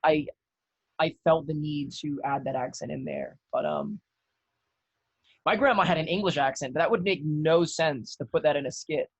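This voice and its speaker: A man guesting on a podcast, talking in a relaxed, thoughtful way and swearing now and then. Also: on the high side, normal speed, husky, no echo, muffled recording. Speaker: podcast guest, actor and content creator. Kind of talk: casual conversation.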